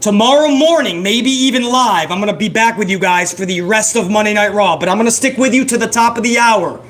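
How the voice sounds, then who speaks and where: A man giving live, profane play-by-play reaction to a wrestling broadcast, excitable and joking. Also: high voice, brisk. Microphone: headset.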